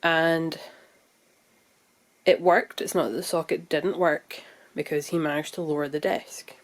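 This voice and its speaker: Scottish woman vlogger, lowish voice, rambling and chatty, casual home chat. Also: steady tone, a little slow. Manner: chatty, thinking out loud, rambling. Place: room at home.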